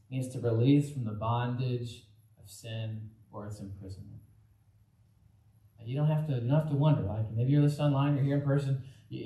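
Male pastor, relaxed chatty sermon, warm mellow tone, church reverb. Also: medium pitch. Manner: informal, many fillers and restarts, acts out quoted voices. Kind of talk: casual conversational sermon. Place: church sanctuary.

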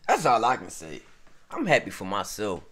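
Lively, rambling reaction-video guy. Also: lowish voice, moderate pace, slightly rough. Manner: rambling, profane, talks straight to viewers. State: just woken up. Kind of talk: casual reaction commentary.

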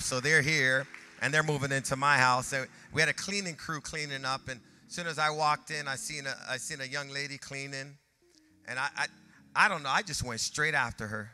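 A man who is a pastor, preaching a sermon in an animated way that rises to shouts. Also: a little high, in a large hall.

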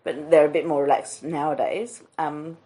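Low-voiced Australian woman. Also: normal speed. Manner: storytelling, animated quotes. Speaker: podcast host. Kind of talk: casual chat.

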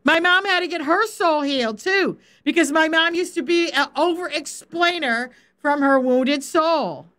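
Animated high-voiced woman Bible teacher. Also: a little slow, hardly any pauses. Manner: animated, laughs, acts out quotes. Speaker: faith coach and Bible teacher. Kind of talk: informal live-stream Bible teaching.

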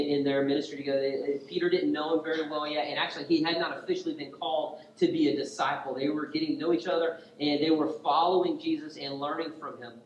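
Animated preacher man, echoey church. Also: mid-range voice, far from the mic, slight background noise. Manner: animated, humorous storytelling preacher. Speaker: pastor. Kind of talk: sermon. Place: church sanctuary.

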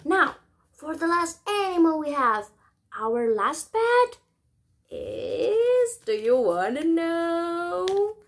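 A young woman teaches a pretend kindergarten class in a very high voice that swoops widely up and down. She talks slowly and deliberately, exaggerated and sing-song, and imitates animal sounds for the little ones. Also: sing-song. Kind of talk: microteaching lesson for young children.

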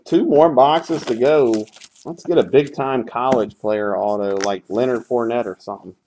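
A man's voice: medium pitch, moderate pace, noisy background. A man hosting a live sports card break, calling out pulls in a sarcastic, grumbling, profane way.

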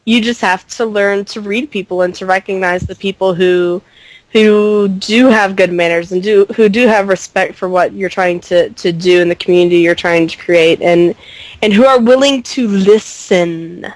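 A woman on a podcast panel speaking earnestly and haltingly, restarting her phrases. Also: mid-range voice, steady tone, no echo, rough recording. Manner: earnest, hesitant, many restarts. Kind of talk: casual chat.

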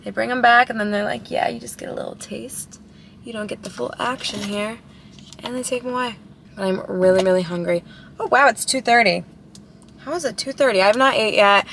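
A woman's voice: mid-range voice, fairly bright tone, slight background noise. Bubbly young woman chatting in her car. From Ohio, USA. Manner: bubbly and talkative, lots of "like". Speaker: vlogger. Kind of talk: casual chatty vlog. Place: parked car in a drive-thru. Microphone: camera in the car.

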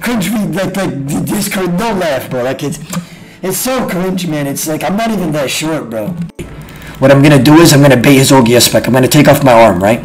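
A man streaming games live, chatting casually with profane trash talk and bursts of shouting. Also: a little high, expressive, normal speed, crowd noise, rough recording. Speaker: game streamer. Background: music.

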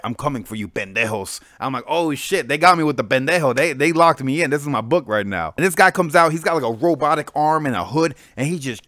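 A young man hosting casual comic book reviews, excited and slangy, full of fillers. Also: a little high, no room sound, studio quality. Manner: excited, slangy, lots of "like" and "freaking".

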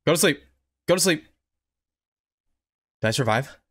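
A man giving excitable horror game playthrough commentary, talking back to the game and repeating himself. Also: on the high side, unhurried. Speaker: gaming video creator. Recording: noticeable background noise.

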